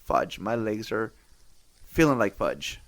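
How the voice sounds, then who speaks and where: A man's voice: on the low side, sing-song, slow pace, fairly bright tone. A man hosting a podcast in casual chat, easygoing and informal, laughing along with his guest. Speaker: podcast host.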